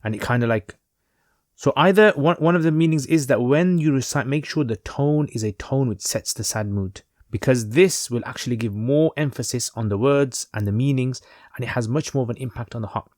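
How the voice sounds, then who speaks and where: A man teaching a lesson on religious texts in an unhurried, reflective way, pausing with fillers as he explains. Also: mid-range voice, a little mellow, dry recording, studio quality. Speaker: Islamic teacher.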